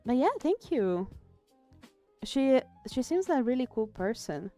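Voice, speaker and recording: A woman's voice: a little high, big pitch swings, unhurried, warm tone, faint music behind. A woman in her thirties with an Italian accent, chatting casually and thoughtfully while she draws on her art stream. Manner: chatty and reflective, reads chat aloud. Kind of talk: casual chat while drawing.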